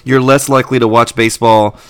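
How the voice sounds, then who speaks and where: A man's voice: mid-range voice, flat delivery, fairly quick, smooth. A man co-hosting a podcast in casual chat, rambling and opinionated with many restarts. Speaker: podcast co-host.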